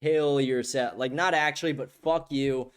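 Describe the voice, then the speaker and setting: A man's voice: mid-range voice, fairly even intonation, moderate pace, clean tone. A young man hosting a livestream podcast, reading chat comments aloud in a blunt, profane, casual way and laughing often. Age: young adult.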